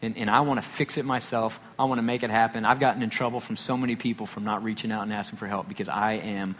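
A man's voice: fairly low pitch, flat delivery, fairly quick, fairly bright tone. A man preaching a sermon, from Texas, telling a personal story in a conversational way with self-deprecating asides. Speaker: pastor. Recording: long hall reverb with faint noise.

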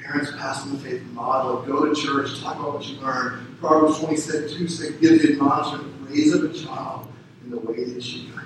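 A man's voice: mid-range voice, fairly even intonation, a little fast. A man preaching a sermon as pastor, earnestly exhorting parents and families with repeated calls to action. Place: church sanctuary. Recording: echoey room, voice from a distance with faint noise.

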